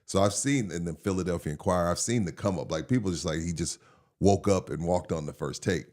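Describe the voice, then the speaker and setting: A man co-hosting a podcast, chatting bluntly with swearing and quick banter. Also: deep voice, darkish tone. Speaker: podcast co-host. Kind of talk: casual podcast chat.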